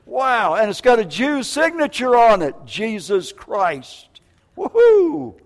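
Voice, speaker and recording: An older man preaching with a high, bright-edged voice. He tells stories in an animated, joking way, tripping into stammered restarts. The sound rings with the long reverb of a church hall. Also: a little slow. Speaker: prison minister. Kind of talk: preaching a sermon.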